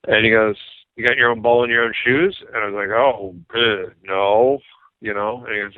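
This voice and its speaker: A middle-aged man, a rock bassist being interviewed, telling anecdotes in a casual way and acting out what people said. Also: a little fast, gravelly, no room sound. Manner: animated anecdotes, acts out quoted dialogue. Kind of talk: casual storytelling. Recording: dry tinny phone-like sound.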